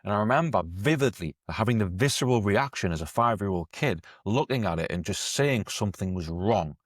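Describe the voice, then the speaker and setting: Low-voiced man in his thirties. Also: lively intonation, a little fast, no room sound, studio quality. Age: 30s. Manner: chatty storytelling, conversational. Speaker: emotional eating coach. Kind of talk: podcast monologue.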